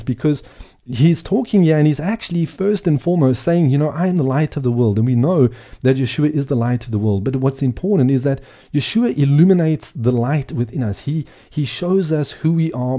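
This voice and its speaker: Earnest man teaching scripture, dark voice. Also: medium pitch, animated, a little fast. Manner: earnest, emphatic, repeats for emphasis. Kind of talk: bible teaching.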